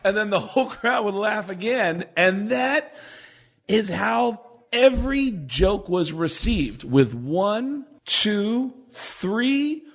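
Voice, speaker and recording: A male comedian, a podcast guest, telling stories in an animated way in casual conversation and acting out other people's voices. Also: sits high, takes it slowly.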